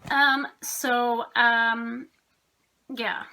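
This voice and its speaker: Bright, chatty young woman vlogger. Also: fairly high pitch, very slow. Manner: rambling, lots of fillers, excitable. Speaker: craft vlogger. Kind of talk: casual chatty storytelling.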